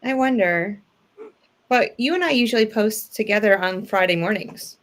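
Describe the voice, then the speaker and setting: A woman's voice: medium pitch, normal speed. A woman in a casual group chat, agreeable and chatty.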